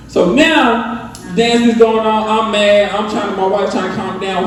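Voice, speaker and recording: A young man with a Southern US accent doing a loose, animated stand-up set, asking the crowd questions as he tells stories. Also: sits high, moderate pace. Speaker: stand-up comedian. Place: live comedy venue with audience. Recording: echoey, distant room mic.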